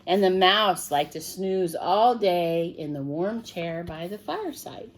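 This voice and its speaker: A woman reading a picture book aloud to children in a gentle, expressive way, stopping to ask the listener questions. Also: fairly low pitch, a little slow, slight background noise.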